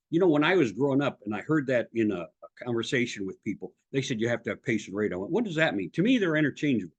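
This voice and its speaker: Middle-aged male speaking coach, husky and lively, punchy and emphatic, fond of direct questions. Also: fairly high pitch. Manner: animated, emphatic, asks the viewer questions. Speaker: presentation coach. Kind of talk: direct-to-camera advice talk.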